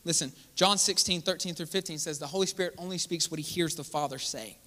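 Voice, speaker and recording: A man preaches a sermon in a high, bright voice, putting questions to the congregation and answering them himself. He moves between loud exclaiming and quiet asides. His voice trails off in the long reverb of a big church hall. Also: quick pace. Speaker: pastor.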